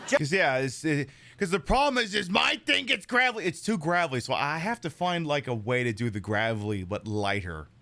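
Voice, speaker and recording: A man's voice: a little high, animated, fairly quick, gravelly, few pauses, pushed and bright. A man live-streaming a horror game, rambling, jokey and profane as he chats. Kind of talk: casual live-stream commentary.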